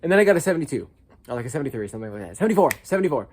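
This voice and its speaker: A young man with an American accent telling funny college stories in a casual vlog, jumping from loud squeaky outbursts to low mumbled asides. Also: sing-song, rapid-fire, slight background noise. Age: young adult.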